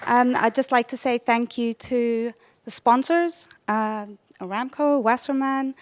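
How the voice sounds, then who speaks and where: A woman from Zimbabwe who coaches field hockey, speaking on a conference panel in a measured, storytelling way. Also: on the high side, fairly even intonation. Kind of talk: panel talk.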